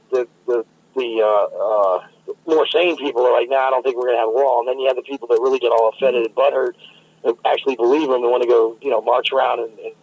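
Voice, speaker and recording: Husky laid-back man on a dull line. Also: medium pitch. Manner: laid-back, rambling, halting. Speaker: co-host. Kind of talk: casual chat.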